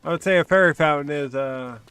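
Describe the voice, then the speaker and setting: A man casually commenting while playing a video game on a livestream, with relaxed, wry asides. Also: a little high, a little fast, clean tone. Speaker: gaming streamer.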